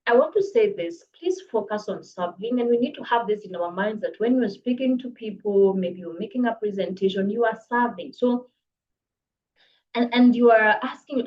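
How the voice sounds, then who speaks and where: A woman coaching public speaking in a live online workshop, brisk and encouraging, reading viewers' comments aloud. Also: a little high, a little mellow, lo-fi sound. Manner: brisk, encouraging, reads chat comments aloud, laughs often. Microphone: video call.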